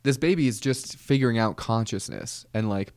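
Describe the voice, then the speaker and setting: A man hosting a comedy podcast, telling a rambling deadpan story with casual slang. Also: medium pitch, moderate pace, dry recording, clean studio sound. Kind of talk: comedic monologue.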